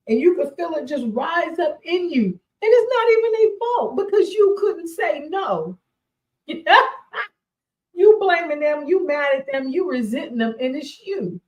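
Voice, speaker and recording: A woman's voice: a little high, darkish tone. A woman in her forties hosting a faith-based talk show, speaking emphatically, repeating her key points and laughing often. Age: 40s. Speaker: radio show host. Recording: roomy echoey sound.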